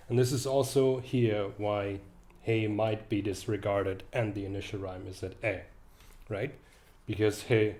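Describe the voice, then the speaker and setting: A young man giving an online literature lecture, thinking aloud with hesitant fillers and restarts, reading verse lines slowly. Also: fairly low pitch, a little mellow, reverberant. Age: young adult.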